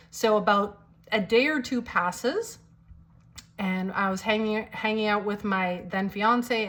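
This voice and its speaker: A woman's voice: mid-range voice, bright, forceful tone. A woman with a slight cold telling a personal faith story in a casual, chatty way, full of "like" fillers and acting out quoted lines. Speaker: storyteller sharing a testimony.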